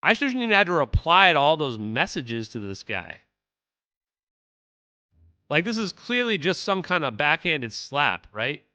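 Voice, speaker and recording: Bright-voiced man ranting at chat. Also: a little high, big pitch swings, unhurried, long pauses, clear, resonant tone. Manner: profane, dismissive, talks straight to chat. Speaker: livestream host. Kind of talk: casual livestream rant. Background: synthwave music.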